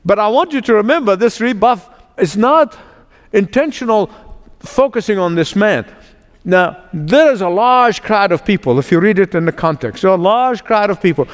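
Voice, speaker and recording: A male pastor preaching a sermon with emphatic repetition, shifting from slow, drawn-out phrases to quick runs. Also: high-pitched, lively intonation. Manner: emphatic, repeats phrases for stress; shifts between slow, drawn-out and rushed delivery. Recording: long reverb from a large hall.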